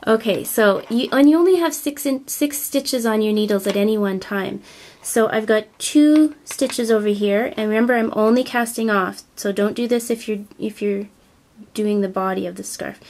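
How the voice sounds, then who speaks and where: A woman with a stuffy, nasal voice who sounds a little under the weather and short of breath. She talks casually and loosely, filling her pauses with ums as she walks through a demonstration. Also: mid-range voice, a little mellow. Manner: chatty, with many ums and self-corrections. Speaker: crafting video host.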